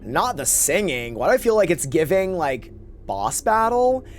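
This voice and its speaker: A man's voice: a little high, sing-song, unhurried, faint music behind. A man streaming a game, chatting casually in a rambling way with campy slang and reading chat aloud. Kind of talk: casual live-stream chat while gaming.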